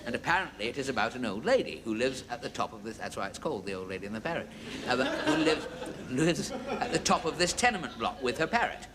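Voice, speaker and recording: A man's voice: medium pitch, very animated, quick pace, noisy background. A man telling a long joke on stage in a dry, chatty way with asides. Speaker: comedian. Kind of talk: stand-up monologue.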